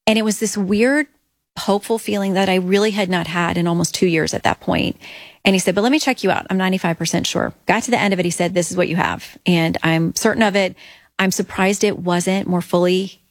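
A woman's voice: lowish voice, fairly even intonation, brisk, no room sound. A middle-aged woman as an interview guest, telling an earnest personal faith story and acting out her own prayers.

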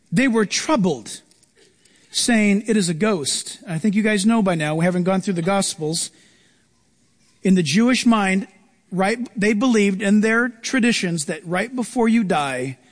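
A man's voice: sits high, in a large hall. A man preaching a sermon, reading scripture and acting out the voices of the people in it. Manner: animated, acts out quoted voices.

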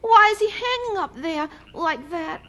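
A woman's voice: extremely high pitch, lively intonation, a little slow, a bit bright, full character voice. A woman voicing a curious, fearful young boy who stammers and asks pleading questions in a radio drama. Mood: anxious.

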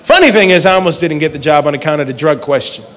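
A man doing stand-up on a club stage, speaking a little higher than most men. His delivery is laid-back and absurd, and he slips into the other people's voices as he tells the story. The sound rings out with a long reverb, and there is faint noise underneath. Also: expressive, fast talker. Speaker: stand-up comedian. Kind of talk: stand-up set. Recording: live venue with long reverb.

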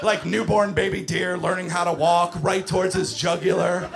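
A young man telling a stand-up story, animated and shouting his exasperated punchlines, recorded live on stage. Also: high voice, normal speed, vocal fry, heavy background noise. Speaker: stand-up comedian. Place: comedy stage before audience. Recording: live show with crowd laughter.

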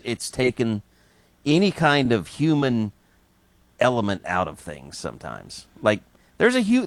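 A man's voice: medium pitch, no room sound. A man from Scotland co-hosting a casual talk show, giving thoughtful, rambling opinions. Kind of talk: casual chat.

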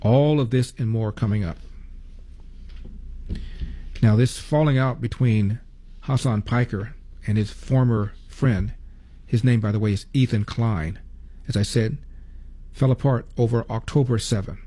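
A man's voice: mid-range voice, a little slow, long pauses, warm tone, breathy edge. Sarcastic older male talk radio host. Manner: sarcastic, rhetorical questions.

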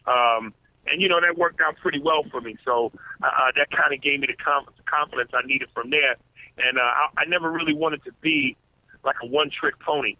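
A man's voice: fairly high pitch, brisk, dry recording. Male comedian on a tinny phone line. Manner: relaxed, stutters on repeated words. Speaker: stand-up comedian guest. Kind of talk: casual interview.

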